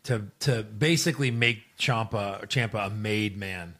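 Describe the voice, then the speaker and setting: A man's voice: lowish voice, a little slow, a bit bright. A man co-hosting a podcast, adding wry jokes to a wrestling recap. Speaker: podcast co-host. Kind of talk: casual wrestling recap chat.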